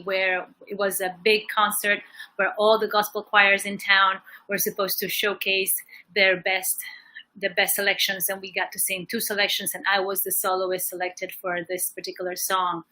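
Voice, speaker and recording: Bright-voiced woman chatting on a livestream. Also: medium pitch, rough recording. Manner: chatty, fluent storytelling with occasional fillers. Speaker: singer and life coach hosting a livestream. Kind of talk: casual livestream talk.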